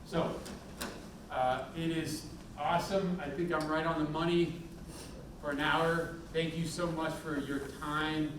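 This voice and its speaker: A middle-aged man, a police chief, giving a candid, animated talk full of anecdotes in a university event hall. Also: a little high, measured pace, slight background noise. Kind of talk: public talk with war stories. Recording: echoey hall from a distant mic.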